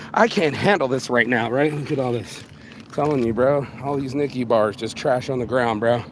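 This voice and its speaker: A man's voice: mid-range voice, slight background noise. A man vlogging outdoors while picking up litter, ranting bluntly and profanely in streetwise slang, calling everyone bro. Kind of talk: ranting walk-and-talk vlog.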